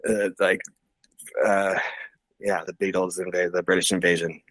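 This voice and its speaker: A man in his thirties telling stories as a podcast guest in a casual, rambling way, full of fillers and lively impressions of other people. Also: deep voice, measured pace, pauses often, dry recording. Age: 30s. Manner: rambling, filler-heavy, animated quoting of others. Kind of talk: casual storytelling interview. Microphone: podcast studio mic.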